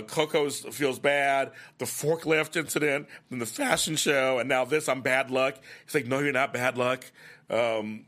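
In a mid-range voice, a man hosts a soap opera after-show, excitedly recapping the week's episodes in a gossipy, chatty manner and acting out the characters' lines.

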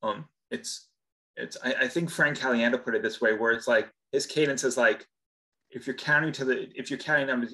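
A male voice actor talks shop in a relaxed podcast conversation. He circles around his points with ums and restarts, in an everyday mid-range voice. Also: medium pitch, a little fast, rough recording. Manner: chatty, many fillers and restarts. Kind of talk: casual interview chat.

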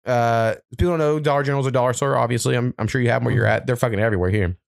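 A man's voice: medium pitch, very fast, gravelly, dry recording, studio quality. A young man hosting a podcast, telling rambling stories in casual chat and swearing freely. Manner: rambling storytelling, heavy swearing. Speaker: podcast host.

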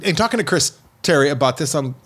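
A man's voice: on the high side, expressive, fast, a bit bright, husky. A middle-aged man co-hosting a film podcast, chatty and rambling, poking fun at himself. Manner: rambling, self-deprecating, chatty. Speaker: podcast co-host, film reviewer. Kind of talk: casual chat.

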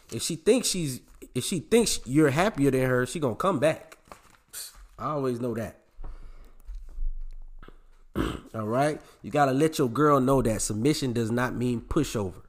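A man's voice: medium pitch, animated, unhurried, long pauses. Blunt, preachy male podcast host. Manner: blunt, preachy, swears and gets raw; talks straight to his male listeners. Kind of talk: casual podcast monologue.

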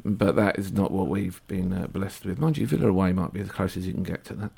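A man's voice: sits low, fast, vocal fry, dark tone, slightly rough. A man hosting a casual football chat, with dry, wry jokes. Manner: dry, jokey, wry asides. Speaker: football podcast host.

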